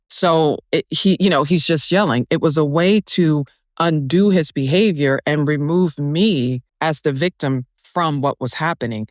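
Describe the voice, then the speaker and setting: A woman's voice: sits low, dry recording. Woman, candid podcast talk, emphatic and explanatory, dry close sound. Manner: emphatic, explanatory, speaks in lesson-like generalizations.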